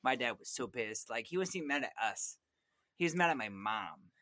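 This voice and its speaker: A young man chatting casually on a podcast, telling stories in a profane, animated way. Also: mid-range voice, brisk, no echo, clean studio sound. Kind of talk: casual chat.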